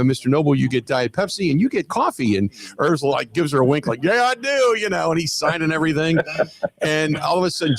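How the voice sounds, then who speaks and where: A man hosting a sports radio show, telling stories in a lively way that gets loud at the punchlines. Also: fairly high pitch. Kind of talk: animated radio storytelling.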